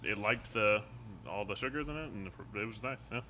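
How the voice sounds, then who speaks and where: A man's voice: lowish voice, normal speed, bright, forceful tone, slight background noise. A man, a head brewer, chatting casually and explaining his beer in a friendly, rambling way, often laughing. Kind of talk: casual chat. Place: brewery taproom. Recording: faint taproom ambience.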